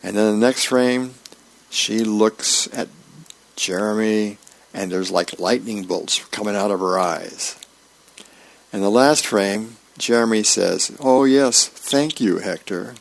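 A man reading comic strips aloud, slipping into light character voices. His voice is low and gravelly. He reads slowly, in a plain and unhurried storytelling way.

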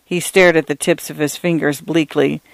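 A man narrating a literary story aloud in a measured, even way. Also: on the high side, gravelly, no room sound. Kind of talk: scripted story reading.

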